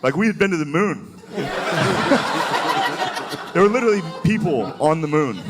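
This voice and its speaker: A man's voice: fairly high pitch, expressive, unhurried, over loud music. A man doing a live stand-up set on stage, talking loosely, laughing at his own jokes and slipping into mocking voices. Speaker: stand-up comedian. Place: stage before a live audience. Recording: live show with crowd laughter. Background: audience laughing.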